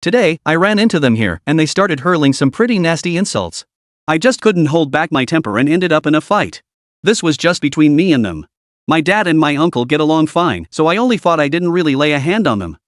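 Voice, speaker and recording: Man reading as young street fighter, hot-tempered, flustered, lively pitch, dry close sound. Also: brisk, no room sound. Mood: defensive. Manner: flustered, defensive.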